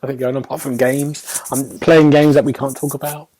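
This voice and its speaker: A man's voice: medium pitch, level tone, brisk, mellow. A man hosting a casual gaming podcast, chatty and loose, reading out release dates with plenty of ums. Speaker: podcast host.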